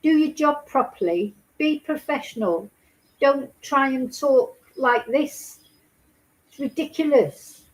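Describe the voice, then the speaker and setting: A woman's voice: high voice, slow, low-quality recording. A woman hosting a casual true-crime chat, talking emphatically and indignantly, repeating herself and swearing. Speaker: host.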